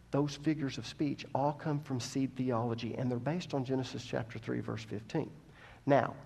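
A male preacher delivering a sermon. He goes from quiet teaching to loud, impassioned preaching and asks the congregation questions. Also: medium pitch, creaky.

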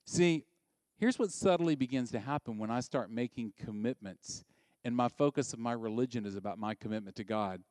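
A male pastor giving a sermon, animated and conversational, asking the listeners direct questions. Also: mid-range voice, normal speed, no echo, clean studio sound.

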